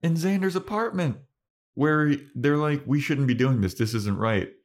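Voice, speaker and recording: A young man co-hosting a podcast, chatting casually and animatedly acting out characters' lines as he recaps an episode. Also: fairly high pitch. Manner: animated, acts out characters' lines in quick voices. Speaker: podcast co-host. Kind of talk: casual chat recapping a show.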